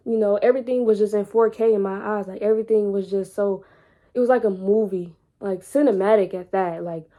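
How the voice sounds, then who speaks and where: A young woman, a vlogger and entrepreneur, tells a personal story in a casual, animated way. Her voice sits at a medium pitch, and she repeats words and gets loud when excited.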